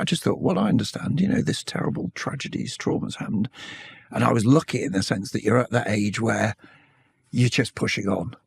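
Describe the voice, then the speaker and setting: A British man in his sixties, an interview guest telling candid stories from his life in a measured, reflective way. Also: medium pitch, gravelly, breathy edge, no room sound. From Britain. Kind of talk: reflective conversational storytelling.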